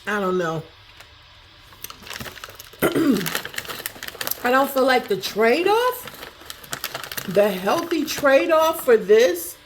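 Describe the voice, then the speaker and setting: A woman casually chatting through a snack taste test, thinking out loud as she goes. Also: mid-range voice, background noise. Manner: talks to herself while tasting, animated, chatty. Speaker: food review vlogger.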